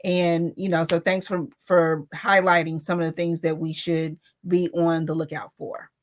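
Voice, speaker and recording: A woman with a fairly low voice hosting an interview. She asks her questions in a measured, encouraging way. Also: level tone. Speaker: interviewer, host.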